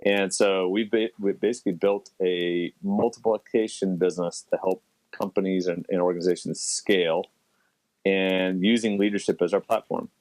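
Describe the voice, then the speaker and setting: Animated middle-aged man, lively guest. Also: no room sound, low-quality recording. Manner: animated, quick, jumps up in pitch when excited. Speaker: podcast guest. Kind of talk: casual interview chat.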